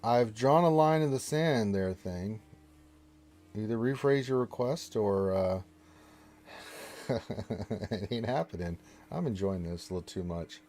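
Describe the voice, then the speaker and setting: A man with a somewhat low voice chats casually on a live game stream. He reads viewers' messages aloud and answers them, ribbing the chat with mock-stern, playful teasing. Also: animated, takes it slowly, pauses often, pushed and bright.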